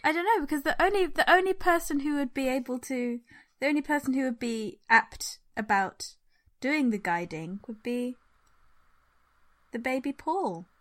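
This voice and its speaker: Chatty woman with a slightly high voice. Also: animated, moderate pace, a bit bright. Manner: rambling, lots of fillers and restarts, laughs easily. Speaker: podcast co-host. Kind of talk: casual book discussion.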